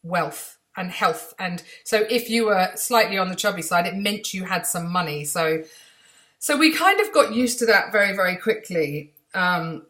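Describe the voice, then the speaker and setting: A middle-aged English woman talks straight to camera from a room at home, her voice sitting a little low. She tells anecdotes in a chatty, self-mocking way and slips into other people's voices as she goes. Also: animated, normal speed, fairly bright tone. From England. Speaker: vlogger. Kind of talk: casual storytelling to camera.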